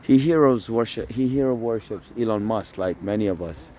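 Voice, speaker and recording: Holding his own phone camera while out by the water, a Toronto-area vlogger talks in a somewhat low, mellow voice at a moderate pace. He rambles through a casual monologue, cursing freely and repeating himself, with faint outdoor sounds and slight background noise behind him.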